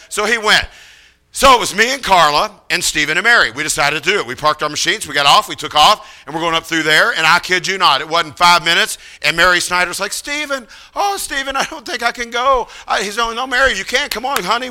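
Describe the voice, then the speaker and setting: A middle-aged man preaching, telling a story with lively acted-out voices of the people in it. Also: high voice. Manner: animated, acts out voices of others in the story. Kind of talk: sermon storytelling.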